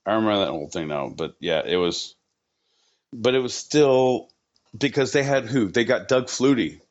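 A man's voice: lowish voice, a little fast, muffled recording. A man co-hosting a podcast in casual, crude banter. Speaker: podcast co-host. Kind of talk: casual chat.

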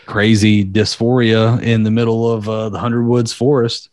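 A man co-hosting a podcast, rambling casually and swearing as he tells a dark story. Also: lowish voice, flat delivery, moderate pace, dry recording, clean studio sound. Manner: rambling, profane, laughing at dark material. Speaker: podcast co-host.

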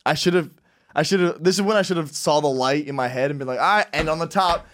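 A man telling a rambling party story in casual chat with friends, restarting his sentences and bursting into shouted quotes. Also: a little high, fairly quick, a little hiss or hum.

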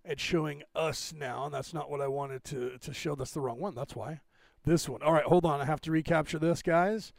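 A man hosting a casual livestream, rambling and interrupting himself while he fixes his screen share, clearing phlegm from his throat. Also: a little high, normal speed, dry recording, studio quality. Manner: rambling, self-interrupting while fixing tech. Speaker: livestream host.

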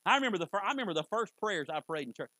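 A man preaching a sermon in a church in a folksy, conversational way, with sudden loud bursts. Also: sits high, very animated, racing, no echo, rough recording. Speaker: pastor. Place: church sanctuary.

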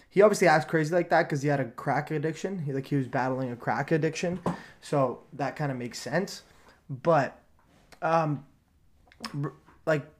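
A young man hosting a casual solo podcast, rambling loosely with lots of fillers and casual swearing. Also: mid-range voice. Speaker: podcast host.

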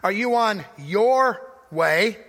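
A pastor preaching a sermon, with emphatic delivery that swings from loud declarations to hushed asides. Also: male voice, sits high, animated, slow. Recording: long hall reverb.

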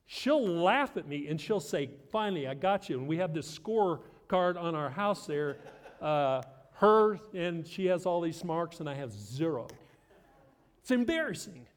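A man's voice: fairly high pitch, sing-song, unhurried, big-room sound. A middle-aged man preaching a sermon as pastor, conversational and self-deprecating with light humor.

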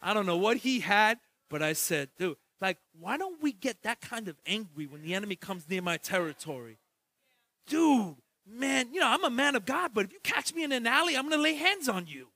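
High-voiced, bright preacher man, shouting. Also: very animated, moderate pace, no room sound. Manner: swings from loud shouted exhortation to soft, low asides; jokey, street-slang storytelling. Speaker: pastor. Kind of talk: sermon.

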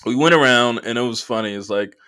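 A man from the Bay Area hosting a solo podcast, telling stories in a loose, profane, animated way and laughing often. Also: medium pitch, a little fast, smooth. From San Francisco Bay Area. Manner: animated, profane storytelling with mocking voices and laughs. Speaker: podcast host. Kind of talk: casual solo podcast monologue, storytelling.

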